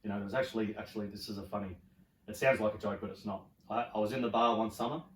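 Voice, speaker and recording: A middle-aged Australian man, a podcast guest, telling stories in animated, casual chat and swearing freely. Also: fairly low pitch, racing, a little hiss or hum. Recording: roomy, from a distance.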